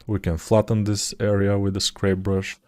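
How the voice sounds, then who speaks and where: A man talking through his 3D sculpting work in a live tutorial, thinking aloud in a relaxed, self-deprecating way, with typing heard behind him. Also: lowish voice, normal speed. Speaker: 3D artist tutor.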